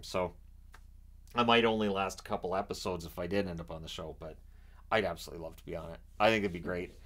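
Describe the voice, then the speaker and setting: Guy from canada rambling about a show, lowish voice, gets animated, repeats words a lot. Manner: animated, acts out quotes in raised voice; repeats and restarts words often. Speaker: vlogger. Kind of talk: casual chat.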